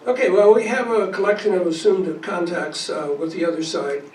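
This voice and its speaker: A man presenting to a support group, his fairly high voice carrying from a distance across an echoey meeting room. He reads passages aloud and catches his own small slips. A faint hiss of noise sits under the recording. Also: fairly even intonation, brisk, darkish tone. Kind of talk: talk reading quotes to a group.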